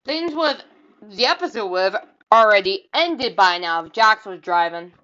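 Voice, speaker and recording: A woman's voice: mid-range voice, expressive, normal speed, pushed and bright, muffled recording. A woman vlogger giving casual, rambling reaction commentary and often repeating herself.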